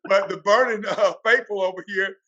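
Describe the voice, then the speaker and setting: A man, a guest athletic director, telling stories in a lively way and acting out the quotes. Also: high voice, moderate pace, lo-fi sound. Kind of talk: animated storytelling.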